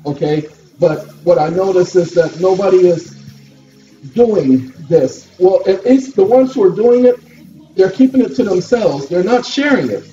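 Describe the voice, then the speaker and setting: Man, high voice, lecturing vlogger, repetitive and preachy, dull distant mic. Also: unhurried, dark tone, faint music behind. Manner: repetitive, lecturing, asks "okay?" often. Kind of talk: preachy monologue to camera. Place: at a computer desk.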